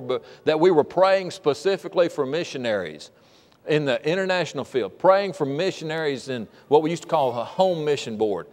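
A man's voice: medium pitch, a little mellow. An older man from Georgia, preaching a sermon in a church in an earnest, folksy way with frequent restarts. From Georgia, USA. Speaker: state missionary preaching. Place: church sanctuary. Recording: long hall reverb.

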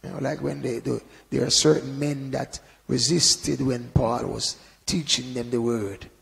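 A man giving an informal sermon in a conversational preaching manner, often adding "you know" and then bursting into loud emphasis. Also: medium pitch, steady tone, a little slow, creaky, long reverb tail. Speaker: Bible teacher.

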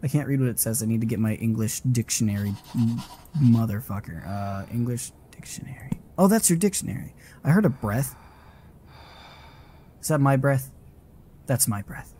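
A man streaming a horror game live, foul-mouthed and jumpy, snapping back at the screen every time something moves. His voice sits at an ordinary middle pitch. A faint hum of noise sits under the talk. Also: expressive, moderate pace, long pauses, dark tone. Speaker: gaming streamer. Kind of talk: live horror gameplay commentary.

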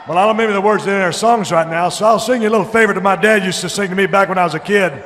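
A man cutting a shouted, sarcastic wrestling promo on a handheld mic in a large arena. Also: high-pitched, very fast, a little hiss or hum. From Texas. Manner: shouting, mock-hurt, sarcastic, breaks into off-key singing. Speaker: professional wrestler. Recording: arena echo with loud crowd.

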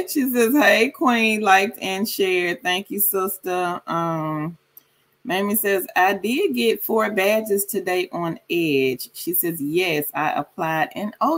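A woman hosting a casual livestream, reading viewer comments aloud and greeting people by name, sometimes in a sudden high sing-song call. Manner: slow, drawn-out delivery. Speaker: livestream host.

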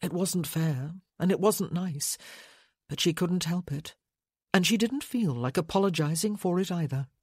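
Lady narrating an audiobook, slow and breathy, low-ish. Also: a little mellow, no room sound, clean studio sound.

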